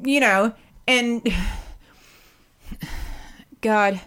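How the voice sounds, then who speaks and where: A woman's voice: fairly high pitch, extremely slow, a bit bright, smooth. A woman in casual chat who rambles, stammers and swears often. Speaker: podcast co-host.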